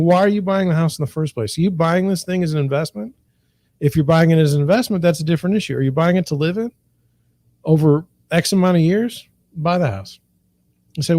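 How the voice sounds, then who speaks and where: A man's voice: fairly high pitch, dark tone, no echo. A middle-aged man, a real estate broker, talking candidly and with frustration, repeating himself and restarting his sentences. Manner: frustrated, repetitive, rambling with restarts. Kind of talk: candid monologue to camera.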